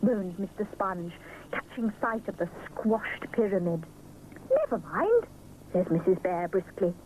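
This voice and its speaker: A woman narrating a children's storybook show in a gentle, expressive way. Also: on the low side, measured pace, rough recording. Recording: hissy 1970s TV soundtrack.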